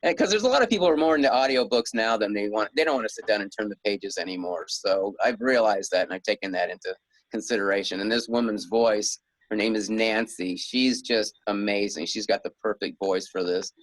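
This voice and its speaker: A middle-aged man, interviewed as a guest author, rambles casually with frequent chuckles and restarts. His voice is on the low side and a little fast, in a rough recording with no echo.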